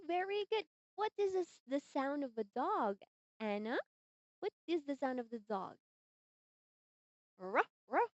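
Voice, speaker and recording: A young woman teaching English online to a child, slow, sing-song and encouraging, on a dull lo-fi call mic. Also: sits high, dry recording. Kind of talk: demo lesson for a young learner. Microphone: computer mic on a video-call platform. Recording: dull, dry lo-fi call audio.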